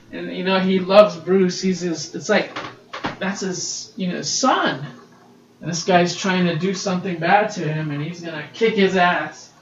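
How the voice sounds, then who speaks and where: Excitable guy raving on his podcast, cusses a lot, kinda high voice, echoey room, far from the laptop mic. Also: a little hiss or hum. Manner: gushing, excitable, swears freely. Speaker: podcast host reviewing comics. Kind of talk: casual solo review podcast. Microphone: laptop's built-in mic. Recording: roomy, distant, dull laptop-mic recording.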